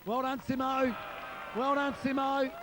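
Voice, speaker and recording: A hoarse Australian man commentating excitedly outdoors at a football ground, calling out players' nicknames for a home video. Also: extremely high pitch, a little slow, crowd noise. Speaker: club supporter narrating home video.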